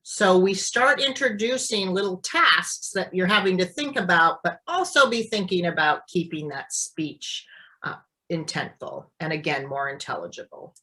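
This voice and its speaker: A woman speech therapist explaining and demonstrating voice exercises in a clear, deliberate teaching manner. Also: fairly low pitch, expressive, pushed and bright, rough recording. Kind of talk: instructional demonstration.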